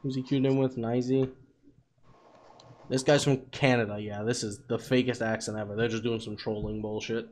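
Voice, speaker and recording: A man's voice: mid-range voice, level tone, normal speed, a little mellow, a little hiss or hum. A man streaming an online shooter, talking in voice chat in a sarcastic, mocking and bossy way. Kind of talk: in-game voice chat.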